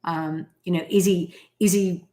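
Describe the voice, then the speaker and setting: An Australian woman in her forties hosts a live stream, talking casually and telling stories as a chatty storyteller who acts out quotes. Her voice is on the low side and warm, with fairly even intonation and a measured pace.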